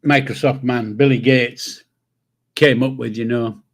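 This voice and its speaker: An older man hosts a relaxed livestream and chats with his viewers in an unhurried, drawn-out way. He wanders from one thought to the next, swearing casually and chuckling to himself. His voice sits at an ordinary middle pitch. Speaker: livestream host. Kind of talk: casual live chat reading comments.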